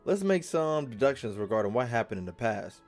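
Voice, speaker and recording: A man's voice: medium pitch, sing-song, fairly quick, a little mellow, faint music behind. A man hosting a gaming video, reading game dialogue aloud in a casual, jokey way and stumbling over words.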